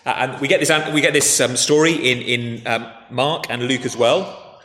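A man preaching a sermon in a conversational, animated way, retelling a story with frequent restarts. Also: mid-range voice, normal speed. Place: church. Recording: echoey church hall with faint noise.

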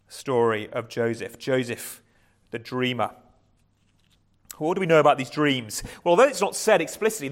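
A man preaching a conversational sermon, often restarting words and chuckling lightly. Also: fairly high pitch.

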